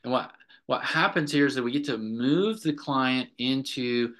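A man's voice: medium pitch, unhurried, fairly bright tone. A middle-aged man, a clinical director, earnestly recounting a therapy session to a group and often checking in with "right?".

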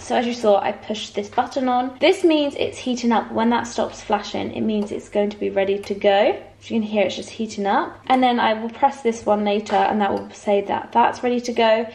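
A woman's voice: fairly high pitch, a little fast, gravelly, few pauses, a little mellow. A young woman chatting casually in a home vlog, bubbly and effusive, laughing often as she talks. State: out of breath. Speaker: lifestyle vlogger. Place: her flat at home.

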